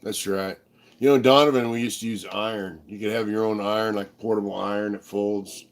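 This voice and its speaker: A middle-aged man with a fairly low voice spins loose, profane stories full of fillers. He talks in an easy, laid-back way as a livestream co-host. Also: steady tone, a little fast. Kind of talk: casual storytelling chat.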